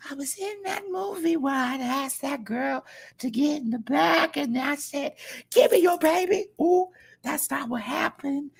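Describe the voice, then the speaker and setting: A woman doing a dazed female singer, high pitched, breathy, slow drawn-out words. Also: expressive, full character voice. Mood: dreamy. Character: husky, smoky-voiced female singer, dazed and rambling.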